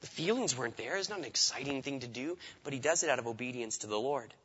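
A man preaching a sermon in a loose, conversational way, often repeating words as he begins a thought. His voice is bright and forceful. It carries a long hall echo on a slightly dull recording. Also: mid-range voice, animated, quick pace, husky. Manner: conversational, repeats words when starting sentences. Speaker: pastor.

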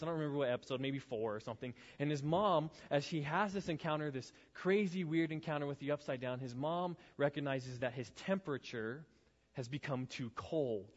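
Man, youth pastor giving a chatty sermon, slightly high voice, reverberant hall. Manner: conversational storytelling, casual asides. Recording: reverberant hall, dull lo-fi sound.

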